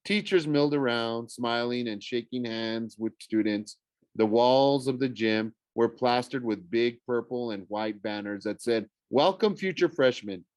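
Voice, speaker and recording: A man's voice: mid-range voice, no room sound. Man casually reading a novel aloud. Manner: casual, stumbles and corrects himself. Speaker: audiobook reader. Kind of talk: first-person novel reading.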